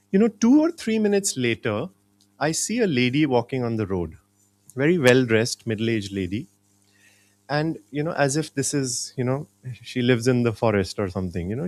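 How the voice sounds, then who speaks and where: Spiritual teacher, middle-aged man, expressive, sweeping intonation. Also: medium pitch. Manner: lively, animated storytelling with frequent "you know". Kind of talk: storytelling talk.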